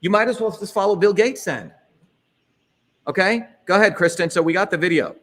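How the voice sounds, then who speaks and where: A man's voice: high-pitched, fairly quick, fairly bright tone. A man hosting a live talk, speaking bluntly and combatively with frequent profanity. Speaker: host.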